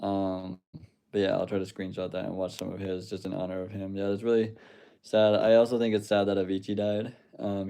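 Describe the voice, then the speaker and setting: Low gravelly man chatting on a livestream. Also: dark tone. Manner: rambling, swears freely, laughs at chat comments. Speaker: livestream host reading chat. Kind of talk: casual livestream chat.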